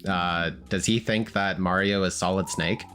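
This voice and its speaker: A man's voice: deep voice, fairly even intonation, normal speed, a bit bright, soft background music. A young man co-hosting a let's play with wry, jokey reactions and frequent laughter. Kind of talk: casual gameplay commentary.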